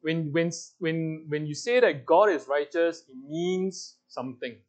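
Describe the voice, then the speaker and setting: A man's voice: on the high side, unhurried, muffled recording. A man with a Singaporean English accent leading a Bible class, playfully coaxing answers from the group and laughing often. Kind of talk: interactive Bible teaching.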